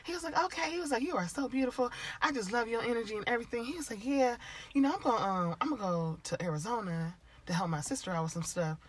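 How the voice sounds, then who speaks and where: A woman's voice: fairly high pitch, quick pace, husky. A woman telling a story in casual chat, acting out the people in it with shifting voices. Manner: animated, acts out quotes in shifting voices.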